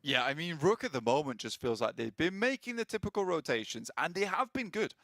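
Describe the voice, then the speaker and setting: A man casting esports, excitable and joking, laughing often as he talks. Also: a little high, brisk, no room sound. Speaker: esports caster. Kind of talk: esports analysis desk chat.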